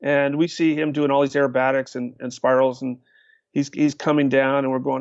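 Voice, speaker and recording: Older guy spinning a yarn on a podcast, gravelly voice, dull lo-fi sound, lots of uh's. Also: mid-range voice, moderate pace, no echo. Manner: lively storyteller, acts out quotes, many uh fillers. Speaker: guest. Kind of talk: storytelling in a podcast interview.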